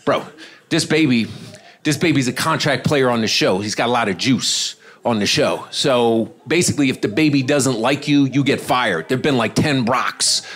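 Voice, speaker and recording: A male comedian voicing a laid-back male security guard who talks in low, casual bro slang. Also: normal speed, fairly bright tone, natural voice.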